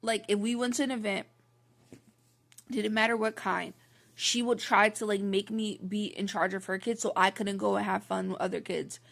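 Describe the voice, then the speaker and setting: Young woman vlogging a storytime, gravelly voice, says like constantly, blunt and fed up. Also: mid-range voice, fairly even intonation, moderate pace, fairly bright tone. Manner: rambling, heavy use of "like" fillers; frank and exasperated. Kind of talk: candid storytime monologue.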